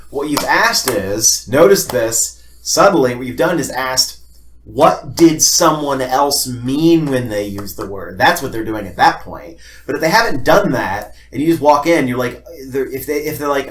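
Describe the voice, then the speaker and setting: A man co-hosting a casual philosophy podcast, talking in an animated way, swearing often and acting out little scenes. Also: mid-range voice, brisk. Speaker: podcast co-host.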